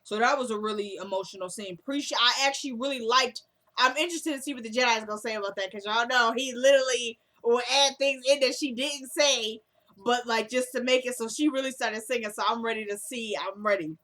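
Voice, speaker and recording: A woman vlogger giving an excited, casual recap of a TV episode, retelling scenes playfully. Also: fairly high pitch, brisk.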